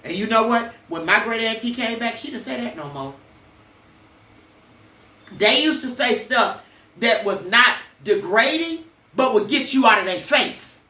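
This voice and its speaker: A woman's voice: on the high side, expressive, a little slow, pushed and bright, distant mic. Blunt older woman in an echoey room. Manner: blunt, preachy storytelling with cursing. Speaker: podcast host. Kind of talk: emotional personal monologue.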